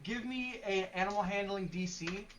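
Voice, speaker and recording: An easygoing game master hands out rulings and sets up the action for the players, speaking at a middle pitch. The voice sits back from the mic, with faint noise under it. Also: distant mic. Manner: relaxed, easygoing rulings with quick asides. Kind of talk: running a tabletop game.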